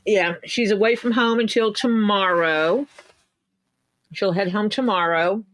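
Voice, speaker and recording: A woman's voice: medium pitch, a little slow, fairly bright tone, a little hiss or hum. A woman co-hosting a livestream podcast. She teases in a playful, motherly way while chatting casually. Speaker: podcast co-host.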